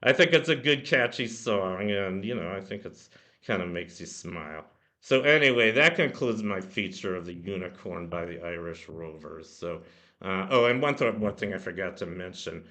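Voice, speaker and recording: A man's voice: low voice, expressive, normal speed, pushed and bright. A man hosting his own music feature in a casual, rambling way, full of fillers and restarts, speaking into a home computer microphone. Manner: rambling, many "you know" fillers. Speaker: music blog host. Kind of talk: casual spoken song commentary.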